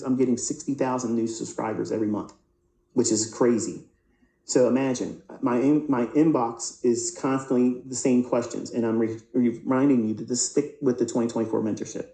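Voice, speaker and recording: A man's voice: mid-range voice, mellow. Echoey-voiced man teaching chart trading. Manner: rhetorical questions, answering himself; repeats words, restarts mid-sentence. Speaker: trading instructor. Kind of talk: live market lecture over charts.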